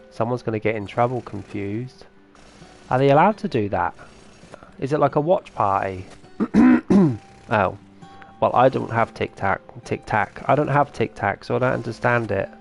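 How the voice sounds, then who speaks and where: A man's voice: fairly low pitch, vocal fry. A man streaming a farming game, chatting casually and answering his viewers' comments as he plays. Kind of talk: casual live-stream chat.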